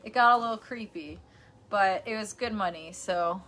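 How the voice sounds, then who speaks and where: A woman from New York with a bright, forward tone chats loosely on a livestream from her bedroom. She rambles from one thought to the next, answers comments as she goes and laughs often. Soft music sits faintly underneath. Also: medium pitch, normal speed. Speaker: streamer. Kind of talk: casual livestream chat reading comments.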